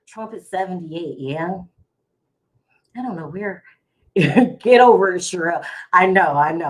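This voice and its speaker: A woman's voice: fairly low pitch, animated, a little slow, pauses often. A middle-aged woman, hosting a casual live stream from home, chatty and emotional as she talks to her viewers. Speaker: vlog host going live.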